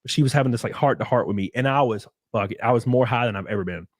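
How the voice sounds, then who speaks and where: A young man in casual podcast chat, rambling through a story with lots of likes and restarts and sudden bursts of excitement. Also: medium pitch, rapid-fire, no echo, clean studio sound. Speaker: podcast guest.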